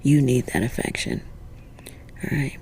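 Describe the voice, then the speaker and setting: A woman giving an emotional spiritual pep talk in a hushed, tender whisper, with casual swearing and a close mic. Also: extremely low pitch, expressive, a little slow, a little hiss or hum. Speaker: spiritual vlogger.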